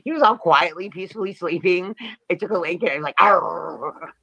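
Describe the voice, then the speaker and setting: A woman's voice: on the low side, fast talker, fairly bright tone, no room sound, lo-fi sound. A woman chatting on a livestream, giggling and mimicking her dog's growls. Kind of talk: casual livestream chat.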